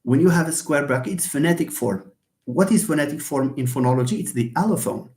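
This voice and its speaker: A man's voice: on the high side, animated, fairly quick, a little mellow. A man, a university linguistics professor giving a live-stream lecture and answering viewers' comments in a hesitant way, with many fillers, restarts and chuckles. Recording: echoey room.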